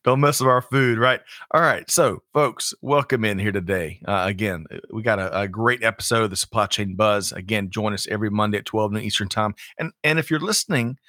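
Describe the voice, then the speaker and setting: Man hosting a live show, bright forceful voice, folksy, dry close sound. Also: fairly low pitch, a little fast, few pauses, no room sound. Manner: folksy, reads out audience greetings. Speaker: livestream co-host. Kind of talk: casual live show chat.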